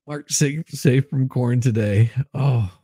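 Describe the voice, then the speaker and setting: With a warm, mid-range voice and a slow pace, this livestream co-host reads out the chat's comments, giggling and amused as he laughs constantly. The studio-quality recording has no room sound, and the stream itself is casual.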